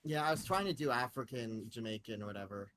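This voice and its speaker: A man streaming, chatting casually and self-critically between voice lines, in a halting way. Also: medium pitch, expressive, a bit bright, a little hiss or hum. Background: game music.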